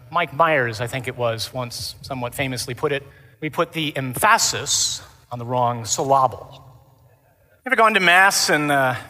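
Priest preaching, bright voice, long hall echo, jokey and theatrical. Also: male voice, on the high side. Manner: animated, theatrical, mimics stuffy readings for laughs. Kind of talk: sermon at a men's conference. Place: large conference hall. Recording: live hall reverb.

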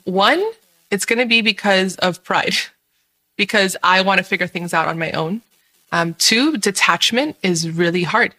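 Woman, bright and forceful voice, bubbly and earnest, faith reflection vlog. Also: mid-range voice, poor audio. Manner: bubbly and earnest, laughs often.

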